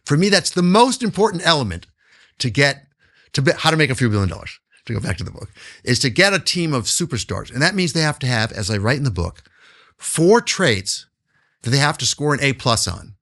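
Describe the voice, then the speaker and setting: A man's voice: mid-range voice, sing-song, brisk, a bit bright. A man answering interview questions as a business guest, emphatic and repeating words for stress.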